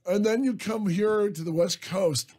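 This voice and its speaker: A man's voice: sits high, unhurried, darkish tone. A man from Detroit co-hosting a radio talk show, teasing his guests with jokey asides. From Detroit, USA. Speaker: radio co-host. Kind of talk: joking radio chat. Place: radio studio.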